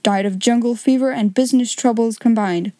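A woman's voice: fairly high pitch, fairly quick, mellow, no room sound, close to an everyday voice. Storybook: a woman playing a clipped, disapproving male solicitor, dry close sound. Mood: curt disapproval.

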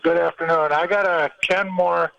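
A man with a Minnesotan accent calls a radio show over a phone line, speaking plainly and haltingly. His voice is gravelly and a touch high. The line sounds dry. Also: fairly even intonation, fairly bright tone, no room sound. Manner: halting, plain-spoken, many uhs. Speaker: caller.

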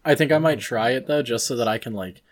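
A young man co-hosting a casual podcast, musing out loud with lots of fillers. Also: mid-range voice, quick pace. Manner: rambling, filler-heavy, musing. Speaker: podcast co-host. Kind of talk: casual chat.

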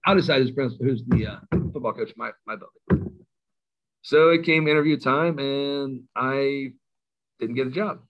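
A middle-aged man spins a rowdy yarn about his coaching days, and he often pokes fun at himself. His voice sits at an ordinary pitch. The recording sounds a little dull and lo-fi. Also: moderate pace. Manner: animated, self-mocking storyteller. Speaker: high school football coach. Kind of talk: storytelling in an interview.

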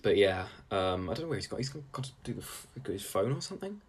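A young man co-hosts a comedy podcast in a rambling, self-deprecating way, full of fillers and half-finished thoughts. His voice sits a little low and has a husky grain. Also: big pitch swings, fast talker. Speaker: podcast co-host. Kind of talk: casual comedic chat.

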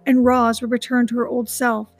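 A woman's voice: fairly high pitch, flat delivery, soft background music. A woman reading a children's novel aloud chapter by chapter, after a casual recap. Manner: recaps chapters casually, then reads briskly.

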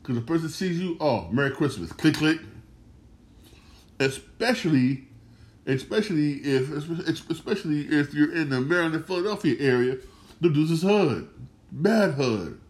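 A man hosts a solo sports talk show, his fairly high voice lively in intonation at a normal speed. He talks casually with slang, repeats points for emphasis, and restarts phrases.

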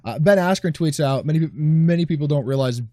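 A man's voice: fairly high pitch, a little fast, dark tone, no room sound, clean studio sound. A man co-hosting a casual podcast chat, talking in a sarcastic, swearing way and often trailing off mid-sentence.

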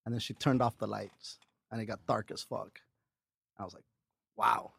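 A middle-aged comedian, appearing as a guest on a casual podcast, tells profane stories with animated energy and acts out the quotes. His voice is lowish, gravelly and husky at a normal speed, recorded with no echo.

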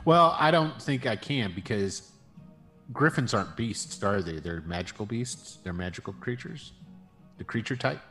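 A man with a lively, swinging voice chats and teases as a player at a tabletop game. He talks casually, with faint music underneath. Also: on the low side, normal speed. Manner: teasing, animated.

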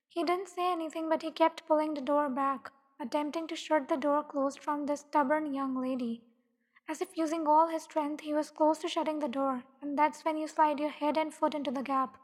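A woman narrating a second-person fan fiction story in a steady, plain reading voice. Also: high-pitched, normal speed. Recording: long echoing reverb.

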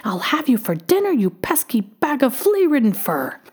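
A woman voicing a tiny, mischievous male leprechaun with a high, shrill voice in a storybook reading. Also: sing-song, normal speed, dark tone, slightly rough. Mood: frantic.

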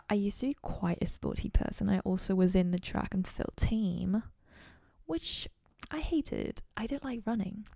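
A young woman talks in a loose, rambling solo chat, often laughing at herself. Her voice is mellow and carries a gravelly fry, and she sounds close and dry with almost no room around her. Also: medium pitch, dry recording. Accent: playful put-on accent. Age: young adult. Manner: chatty, rambling, self-mocking. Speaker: university student podcaster.

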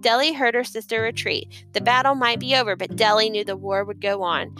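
A woman reading a children's novel aloud as narrator, expressive and lively. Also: fairly high pitch, brisk, soft background music, poor audio. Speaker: audiobook narrator. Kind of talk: scripted storybook narration.

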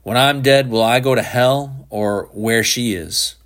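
A man's voice: medium pitch, unhurried, fairly bright tone, pitched above the performer's own voice. A man voicing a grieving small boy who asks urgent, pleading questions. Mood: frantic.

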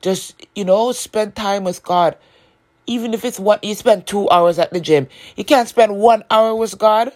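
A woman's voice: medium pitch, measured pace, darkish tone. A woman hosting a Christian devotional podcast, talking earnestly in a repetitive preaching cadence. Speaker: podcast host.

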